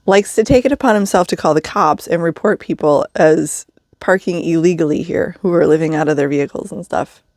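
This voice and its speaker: A woman's voice: lowish voice, brisk, a little mellow, no room sound, studio quality. A woman telling a story in a casual vlog, chatty, with wry asides and frequent laughs. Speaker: vlogger living in a vehicle.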